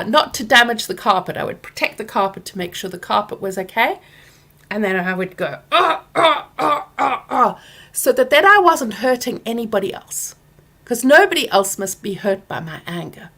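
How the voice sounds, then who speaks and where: A middle-aged woman hosting a workshop Q&A, speaking softly and gently and sometimes dropping to a whisper. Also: on the high side. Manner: soft and gentle, drifting into whispers; acts out anger with loud groaning sounds. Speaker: workshop host answering questions. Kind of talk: Q&A talk to an audience.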